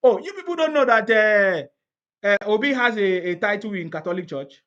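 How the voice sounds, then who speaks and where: High-voiced Nigerian man chatting politics. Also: lively intonation, normal speed, a bit bright, lo-fi sound. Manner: laughs often, repeats himself, rhetorical questions. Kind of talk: casual political chat.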